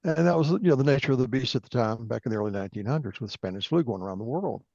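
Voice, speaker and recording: A man's voice: medium pitch, expressive, rapid-fire, gravelly, mellow, no echo. A man talks over an online call. His voice comes through dull and dry, with no room sound. He asks questions, then wanders into long, meandering stories. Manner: rambling, tangential storyteller. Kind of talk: casual conversation on a call.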